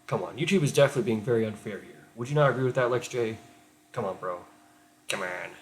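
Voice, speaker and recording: A man's voice: mid-range voice, fast, low-quality recording. Heated man ranting with profanity. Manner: heated, profane, repetitive "okay?". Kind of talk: angry rant.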